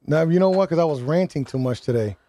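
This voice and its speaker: Male talk radio host, slightly high, mellow tone, rants and stumbles over restarts, dry studio sound. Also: lively intonation, fast, dry recording. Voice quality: ranting, repeats words and restarts. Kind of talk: live talk radio chat.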